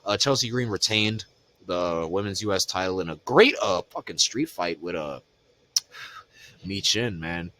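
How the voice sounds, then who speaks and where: Animated, slangy male podcast co-host. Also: unhurried. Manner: animated storytelling, voice jumps high when excited; profane, slangy. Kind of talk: casual chat.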